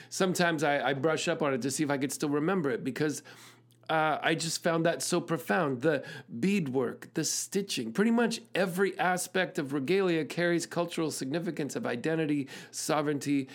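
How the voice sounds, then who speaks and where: A man hosting his own show, telling a personal story in an earnest, thoughtful way and laughing at himself now and then. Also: on the high side. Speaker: podcast host and musician. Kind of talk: reflective storytelling monologue.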